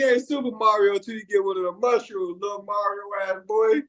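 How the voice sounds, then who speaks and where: A man in his late forties, a podcast co-host telling stories in casual chat, profane and animated, often breaking into laughter. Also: high-pitched, brisk, poor audio. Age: 40s.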